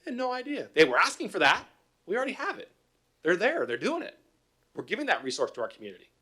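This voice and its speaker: Chatty police officer, somewhat high voice. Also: male voice, wildly swooping pitch, fast, bright, forceful tone, breathy edge. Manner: conversational, acts out both sides of calls, rhetorical questions. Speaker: police officer presenting to city council. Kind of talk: informal presentation with anecdotes.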